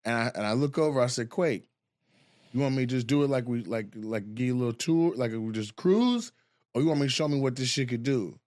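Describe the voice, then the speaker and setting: A man's voice: mid-range voice, fairly quick, no echo, studio quality. A man hosting a casual chat, telling stories with lots of laughter and profanity. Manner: animated storyteller, laughs often. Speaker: podcast host.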